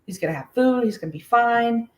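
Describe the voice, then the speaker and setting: A woman's voice: fairly high pitch, animated, a little fast, a little mellow. Chatty American woman hosting a livestream. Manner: chatty storyteller, many fillers, greets viewers by name. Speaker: crochet livestream host. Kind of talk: casual livestream chat.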